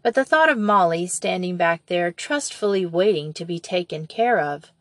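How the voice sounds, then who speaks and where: A woman reading a children's novel aloud as an audiobook narrator, in a measured and expressive way. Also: lowish voice, no room sound.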